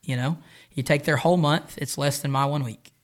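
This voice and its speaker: Man, casual podcast guest, relaxed, rambling, self-deprecating. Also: on the high side, a little fast. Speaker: podcast guest, jiu-jitsu coach. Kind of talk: casual chat.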